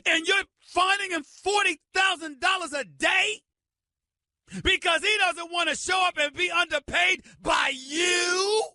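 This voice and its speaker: A male sports radio host with a very high, piercingly bright voice, shouting and hammering home every point. The studio sound is completely dry and close. He talks in an emphatic, theatrical tirade. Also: measured pace, no echo. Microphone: studio microphone.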